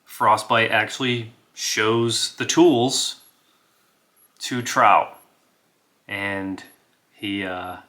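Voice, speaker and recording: Casting: relaxed solo-game narrator, male, unhurried and easygoing. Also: on the low side. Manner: relaxed, laughs, talks to himself about rolls. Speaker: game master and player.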